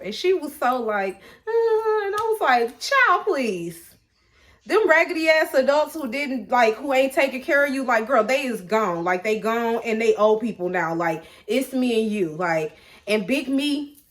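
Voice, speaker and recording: A woman talks to her viewers in a candid, chatty way, with a voice of middling pitch. She restarts her sentences often and fills pauses with little sounds. Her delivery stays animated and personal. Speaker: vlogger. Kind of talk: casual personal talk to camera.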